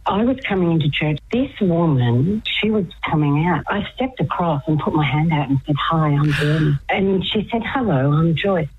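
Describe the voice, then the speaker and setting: A woman guest on a radio show telling a personal faith story, chatty, laughing often and sometimes dropping to a hushed whisper. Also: deep voice, expressive, normal speed, few pauses, slightly rough, narrow, tinny audio. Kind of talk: radio phone-in chat about faith.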